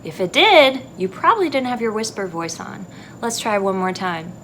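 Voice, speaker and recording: A woman music teacher recording a video lesson for young children in an empty classroom, speaking slowly and clearly. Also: mid-range voice, lively intonation, background noise. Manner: slow, clear teacher talk to young kids.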